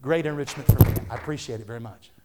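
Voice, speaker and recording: A man's voice: mid-range voice, fast, heavy background noise. A man, a pastor preaching a fervent, conversational sermon full of repetitions.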